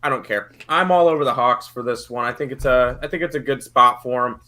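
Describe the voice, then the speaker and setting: A man's voice: medium pitch, a little fast, bright, forceful tone. A man giving casual basketball betting picks on a livestream, confident but rambling, often repeating words as he thinks. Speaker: betting analyst. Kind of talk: casual sports betting analysis.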